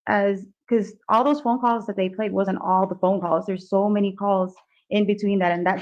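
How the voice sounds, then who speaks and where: A woman giving courtroom testimony, answering softly and hesitantly with restarts and a polite "yes, ma'am". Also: mid-range voice. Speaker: defendant testifying at trial. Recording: dull courtroom audio.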